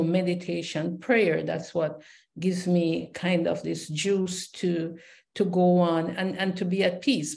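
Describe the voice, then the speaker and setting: A Jamaican woman, a scholar and poet, gives panel discussion remarks in a slightly low, somewhat mellow voice with vocal fry. She speaks with a Jamaican accent, reflective and searching, full of fillers and repeated starts.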